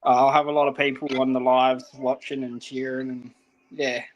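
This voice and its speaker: A man's voice: mid-range voice, little pitch movement, moderate pace. Laid-back man, dull lo-fi sound. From South Australia. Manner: short answers, laughs shyly. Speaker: guest, chilli-eating competitor. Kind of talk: casual interview answers.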